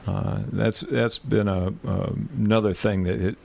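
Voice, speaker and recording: Older guy, retired band teacher, lowish voice, lots of uh and restarts, jokey. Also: steady tone, unhurried, vocal fry, darkish tone. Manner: rambling anecdotes, self-deprecating humor, many filler restarts. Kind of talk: oral history interview.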